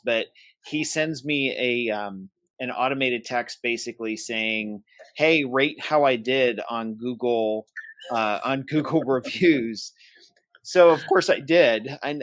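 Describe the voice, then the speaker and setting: A man's voice: medium pitch, a bit bright, dry recording. A man co-hosting a podcast, casually retelling a tense phone call and quoting both sides in his own voice. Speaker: podcast co-host. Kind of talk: casual storytelling.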